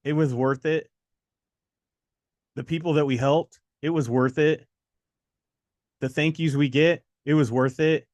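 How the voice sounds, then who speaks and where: A man co-hosting a test-prep show in casual motivational talk, telling stories with animated quotes and repeating lines for emphasis. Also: fairly high pitch, no room sound, studio quality.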